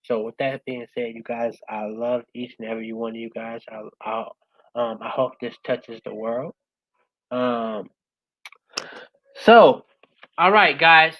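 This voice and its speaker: A woman speaking as a guest, giving a passionate motivational talk. She keeps asking "right?" and swings from loud urging to a soft, quiet close. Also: unhurried, long pauses, lo-fi sound. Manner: passionate, repeats "right?" after most points; swings between loud urging and soft, low-key closing.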